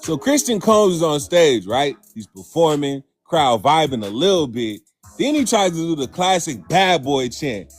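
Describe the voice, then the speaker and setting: A man's voice: a little high, very animated, a little slow, faint music behind. A man commentating in a casual video, telling a story with animation.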